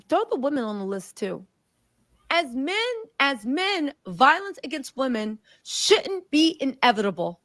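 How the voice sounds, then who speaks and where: A woman host gives emphatic, preachy reaction commentary, reading a statement aloud. Her voice sits somewhat high and sounds close and dry. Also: sing-song, measured pace, fairly bright tone, no echo.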